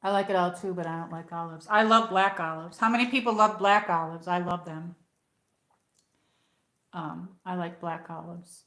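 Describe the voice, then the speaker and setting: A woman's voice: fairly low pitch, moderate pace, fairly bright tone. A middle-aged American woman chatting casually on her livestream, rambling and reading viewer comments aloud. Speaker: livestream host. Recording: echoey room.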